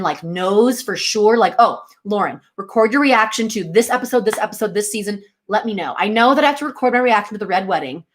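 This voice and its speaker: A young American woman chatting casually on a livestream, animated and quick to laugh as she reads and answers viewers. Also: mid-range voice. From United States. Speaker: livestream host.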